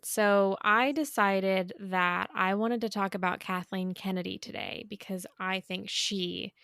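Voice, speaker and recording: A woman's voice: medium pitch, steady tone, a little slow, vocal fry, fairly bright tone, dry recording, studio quality. A woman joining a podcast as a guest, chatting in a bubbly, giggly and slightly self-conscious way. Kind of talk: casual podcast chat.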